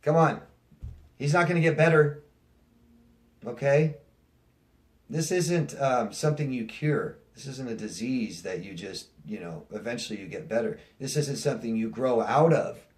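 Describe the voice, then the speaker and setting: A man's voice: medium pitch, moderate pace. Blunt, profane male life coach. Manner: blunt and profane, emphatic repetition; reads out viewer questions, then answers them. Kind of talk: viewer Q&A monologue.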